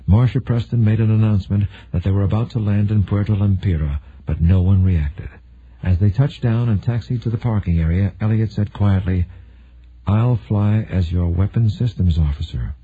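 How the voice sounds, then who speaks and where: A husky-voiced man narrates a thriller audiobook in a steady, measured way. The sound is thin and narrow, like it is coming through a phone line. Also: lowish voice.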